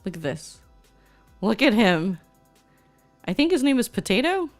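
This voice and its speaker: A woman's voice: mid-range voice, very animated, measured pace, faint music behind. A young woman VTuber chatting casually on stream, gushing and reading chat aloud.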